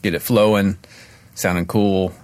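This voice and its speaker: A man's voice: low voice, level tone, a little slow, darkish tone, no echo. A middle-aged man co-hosting a podcast, laughing easily and explaining drum patterns step by step. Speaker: podcast co-host. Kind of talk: casual chat.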